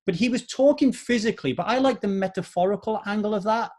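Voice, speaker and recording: A man's voice: high voice, quick pace, darkish tone. A man in his forties hosting a solo motivational podcast, earnest and repeating points for emphasis. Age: 40s. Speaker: podcast host.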